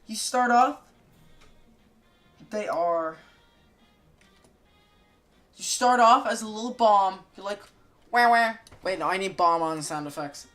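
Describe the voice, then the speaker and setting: Excitable, swearing woman gaming creator. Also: medium pitch, slow pace, long pauses, faint music behind. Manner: excitable, swears a lot, jokey. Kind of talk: casual gaming commentary.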